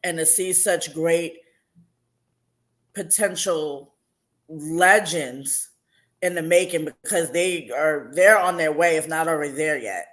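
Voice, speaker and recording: A man's voice: on the high side, slow pace, fairly bright tone. A man hosting an interview chat, responding supportively and affirming his guest. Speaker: host.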